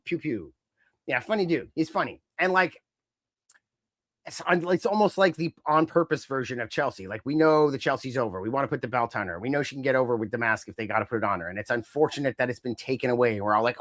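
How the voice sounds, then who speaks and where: A man co-hosting a podcast in casual wrestling chat, animated and acting out wrestlers' lines in mimicking voices. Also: medium pitch, fast, dry recording, studio quality. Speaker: podcast co-host.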